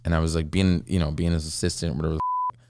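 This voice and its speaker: A man's voice: a bass voice, little pitch movement, fast talker, noisy background. A man from the US, a guest comedian, telling stories in a casual podcast chat with a laid-back, rambling manner and lots of filler words. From United States.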